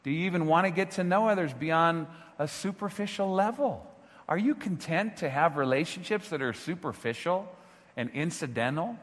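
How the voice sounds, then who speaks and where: A man preaching a sermon as pastor, earnest and full of rhetorical questions, moving from hushed tones to near-shouting. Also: on the high side, lively intonation, normal speed. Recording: long hall reverb.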